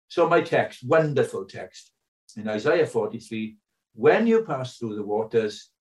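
A man's voice: medium pitch, far from the mic, low-quality recording. An older man preaching a sermon, earnest and full of rhetorical questions.

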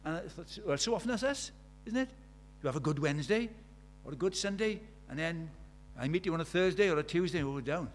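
A man's voice: on the high side, animated, fairly quick, hardly any pauses, a little hiss or hum. An older man, preaching a sermon in a conversational way, full of rhetorical questions.

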